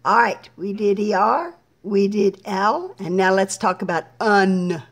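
A middle-aged woman teaching a patient, slow phonics lesson to young children, splitting each word into syllables. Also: medium pitch.

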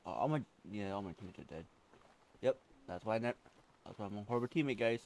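A man commenting on a blind video game playthrough, excitable, swearing and yelling at enemies as he plays. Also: lowish voice, fast talker, creaky, slight background noise. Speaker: let's play gamer.

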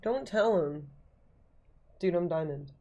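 A woman streaming a game, chatting casually, excitable and joking with herself, swearing often. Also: on the low side, slow pace, dull audio. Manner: excitable, swears a lot, jokey self-talk. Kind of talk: casual gaming stream chat.

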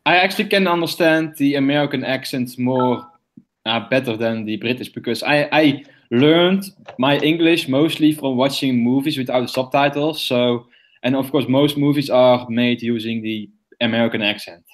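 A man's voice: medium pitch, normal speed. A man from the south of the Netherlands with a southern Dutch accent, talking hesitantly and apologetically in a casual group chat. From North Brabant, the Netherlands.

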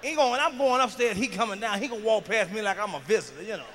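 A man performing a profane stand-up comedy routine, shouting and ranting through his stories. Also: high voice, animated, fast. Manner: profane, shouting, fired-up storytelling. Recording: live hall reverb, faint background noise.

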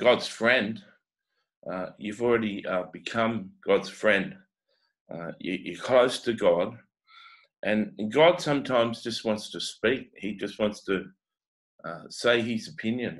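A man with a New Zealand accent giving a halting, unscripted prophetic reading, full of pauses and fillers. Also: lowish voice, a bit bright, poor audio. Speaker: prophetic teacher.

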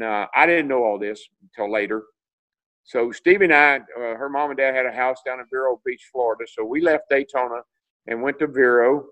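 An older man from Tennessee spins rambling stories over a video call, stumbling and restarting as he goes. He jumps way up in pitch whenever he acts out what other people said. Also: fairly bright tone, low-quality recording. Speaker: interview guest, retired racing driver. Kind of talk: storytelling in a video call interview.

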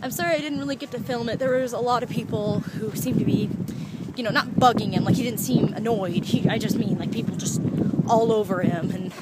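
A young woman chatting excitedly in a casual travel vlog, filmed on a handheld camera outdoors in busy city streets. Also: a little high, a little fast. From United States. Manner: excitable, gushing, giggly fan chatter. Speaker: travel vlogger. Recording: loud outdoor crowd and street noise.

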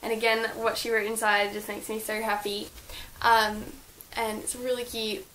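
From her bedroom, a young woman shows off her birthday gifts in a casual haul vlog, gushing and chatty with plenty of fillers. Her voice is a little high and fairly bright, with little pitch movement, at normal speed. The recording is rough, with a little hiss or hum.

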